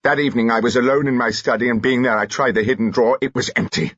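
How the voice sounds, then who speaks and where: A man voicing an overwrought middle-aged aristocrat with an explosive temper in an audiobook, frantic and shouting. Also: mid-range voice, fairly even intonation, quick pace, no room sound, highs cut off, pitched above the performer's own voice, natural voice. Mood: shaken.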